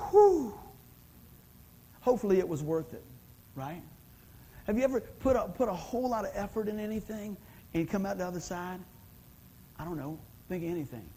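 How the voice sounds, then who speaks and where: A man's voice: sits high, vocal fry, mellow, slight background noise, poor audio. A man preaching a sermon in a folksy, conversational way, often asking the congregation for an amen. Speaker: pastor.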